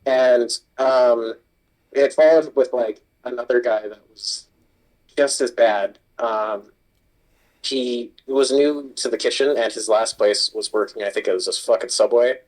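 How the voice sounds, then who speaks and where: A man's voice: medium pitch, steady tone, unhurried, a little mellow, rough recording. A man, a kitchen supervisor, telling a work story in casual chat and swearing a lot. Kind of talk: casual chat while gaming.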